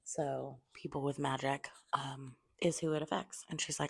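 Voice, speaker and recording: Seated at a table in a home room, a book reviewer with a low, gravelly, steady voice chats through a book's plot without sparing spoilers. Her manner is blunt and profane, with characters acted out in rapid asides. Occasionally she hushes to almost a whisper to stay quiet.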